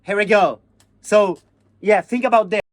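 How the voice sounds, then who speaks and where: A man teaching hand-drum technique, chanting drum syllables and counting beats in halting. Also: high-pitched, no room sound. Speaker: percussion teacher. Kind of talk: hands-on music lesson.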